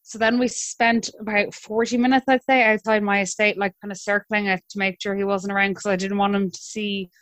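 A young Irish woman in her twenties, telling her own story in a relaxed, chatty way with hesitant restarts. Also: medium pitch, fairly quick, few pauses, no echo. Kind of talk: conversational storytelling.

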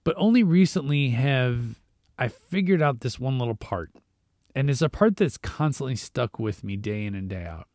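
A man's voice: medium pitch, expressive, moderate pace, darkish tone, dry recording, studio quality. A man hosting a short devotional show, reading scripture and then reflecting in a conversational, informal way. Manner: conversational and reflective, with fillers and restarts. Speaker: devotional podcast host.

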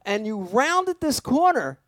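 A man hosting a casual podcast, excitable and lively, who swears casually and calls people dude. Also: very high voice, takes it slowly, dry recording. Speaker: podcast host.

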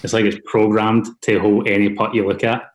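A Scottish man talking as a podcast guest, his fairly low voice staying even and level. He sounds easygoing and enthusiastic, sprinkling in friendly asides. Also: brisk. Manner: easygoing, enthusiastic, says mate often. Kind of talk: casual interview chat.

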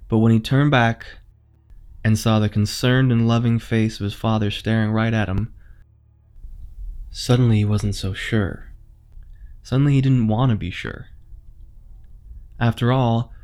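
A man reading a horror story aloud in a measured, suspenseful way. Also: medium pitch, darkish tone. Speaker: narrator. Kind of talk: scripted horror narration.

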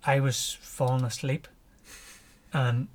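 A man with a Northern Irish accent, a podcast guest telling his story in a relaxed, lively way and chuckling as he goes. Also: medium pitch, slow. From Northern Ireland. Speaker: podcast guest, ultra runner. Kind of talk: casual storytelling.

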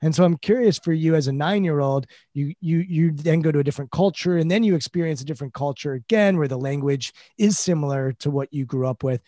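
A man hosting a podcast who asks reflective, measured questions and shares his own memories. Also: a little high, warm tone, no echo, clean studio sound. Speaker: podcast host. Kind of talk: podcast interview.

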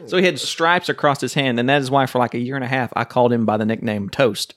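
A man's voice: mid-range voice, quick pace, a bit bright. A man hosting a board game podcast, chatting casually and telling rambling, joking stories. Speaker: podcast host. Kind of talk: casual chat.

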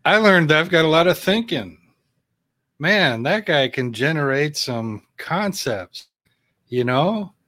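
A man's voice: a little high, expressive, slow pace, sharp tone, dry recording. A man co-hosting a casual interview, speaking in a thoughtful, reflective way. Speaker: co-host.

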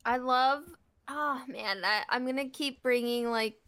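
A woman who is a guest on a manga podcast. She speaks in an enthusiastic, halting way, with many restarts. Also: high voice, a bit bright, clear, resonant tone. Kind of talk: casual chat.

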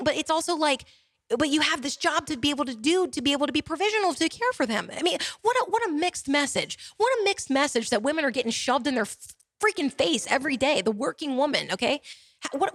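A woman hosting a solo podcast, talking with passion, repeating phrases and asking rhetorical questions, sometimes dropping to hushed tones. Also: high-pitched, no room sound, studio quality. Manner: drops to soft, hushed tones. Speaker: podcast host.

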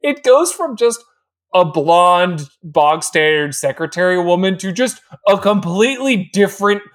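A man's voice: high-pitched, measured pace. A man co-hosting a podcast, giving a casual and sarcastic movie recap. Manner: animated, sarcastic. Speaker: podcast co-host.

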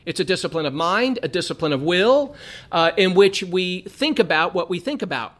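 A man's voice: high voice, animated, normal speed, a bit bright. A man from Southern California teaching an earnest Bible study lesson, repeating phrases for emphasis.

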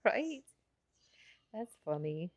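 A woman's voice: fairly low pitch, very animated, very slow, no room sound, highs cut off. A woman, asking curious questions and reacting in casual chat. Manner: curious, asks questions, reacts with short interjections.

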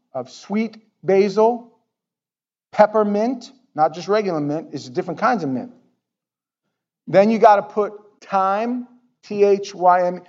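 Pastor, male, high-pitched, loose chatty sermon delivery, dull lo-fi recording. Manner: conversational, animated, repeats words. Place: church sanctuary.

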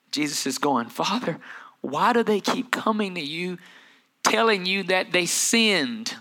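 A man, a pastor preaching a sermon, telling stories and acting out family voices, moving between quiet asides and loud, building preaching. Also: on the high side, moderate pace.

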